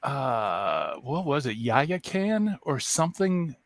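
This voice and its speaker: A man co-hosting a casual talk, with a middle-pitched voice. He is light-hearted and jokes easily between his questions. The sound is dry and close. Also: expressive, normal speed, fairly bright tone, dry recording. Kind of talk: casual discussion.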